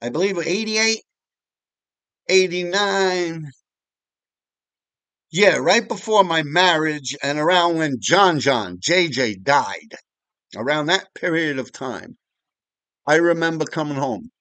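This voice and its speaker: A man, telling old neighborhood stories in loose, wandering sentences full of swearing and asides. His voice sits a bit high for a man. The recording is close and dry. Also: expressive, slow pace, pauses often, a bit bright, smooth, no echo. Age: 50s. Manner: rambling and profane, with frequent restarts and asides. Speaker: vlogger storyteller. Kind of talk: casual storytelling.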